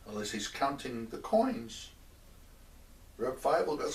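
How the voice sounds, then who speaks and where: A man telling a religious story in a measured way, stopping for asides to the listener. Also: medium pitch, very animated. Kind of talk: oral storytelling of a religious tale. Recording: roomy echo, mic at a distance.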